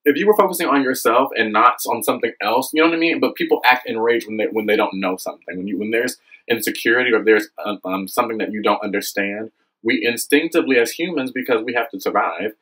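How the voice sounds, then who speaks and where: Young man, husky voice, earnest direct-to-camera rant, preachy and animated. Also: fast, rough recording. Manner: earnest, preachy, frequent "okay?" and "you know what I mean?"; animated, swings high when excited. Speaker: vlogger. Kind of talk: impassioned direct-to-camera monologue.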